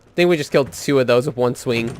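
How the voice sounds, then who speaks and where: A man's voice: medium pitch, quick pace, darkish tone, slight background noise. A young man casually telling a rambling story over gameplay, swearing often and filling with "like". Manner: rambling, swears a lot, heavy use of "like". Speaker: gaming video host.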